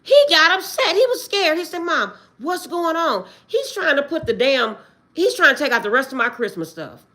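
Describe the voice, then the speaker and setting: An agitated woman vents on a phone livestream, close to tears. Her fairly high voice leaps between loud outbursts and hushed, pleading prayers, with a very lively swing in pitch. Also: brisk. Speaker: livestream host. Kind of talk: emotional livestream rant.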